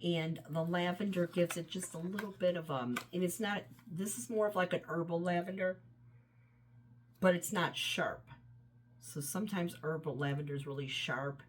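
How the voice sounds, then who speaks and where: Though enthusiastic about the wax scents she's reviewing, this woman rambles, trails off a lot, and sounds tired and run down, her voice tiring. She speaks in a lowish, steady tone at a moderate pace, with a little hiss or hum on the recording.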